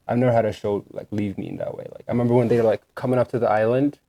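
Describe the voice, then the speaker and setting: Rambling young man with a mellow voice. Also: medium pitch, rapid-fire. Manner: animated, rambling, heavy use of "like". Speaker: podcast co-host. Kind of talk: casual chat.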